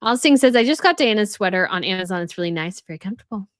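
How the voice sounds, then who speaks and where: A woman's voice: medium pitch, expressive, fast, fairly bright tone, dry recording, clean studio sound. A young woman hosting a casual live stream, reading viewers' comments aloud and chatting about them with lots of "like" fillers. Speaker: host reading live chat.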